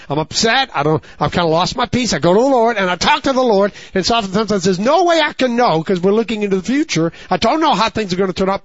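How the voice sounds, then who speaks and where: Animated preacher. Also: male voice, dry recording. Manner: preaching with call-and-response questions; emphatic, swinging between loud highs and hushed lows. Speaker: pastor. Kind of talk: sermon. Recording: slightly dull, dry sound.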